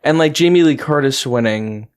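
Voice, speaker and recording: A man's voice: a little high, moderate pace, smooth. Rambling man on a podcast. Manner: rambling, filler-heavy. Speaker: podcast co-host. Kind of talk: casual chat.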